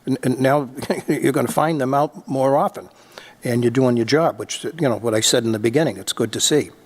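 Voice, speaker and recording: A board member speaking in a resigned, matter-of-fact way during a meeting. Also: male voice, medium pitch, brisk. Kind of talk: meeting discussion.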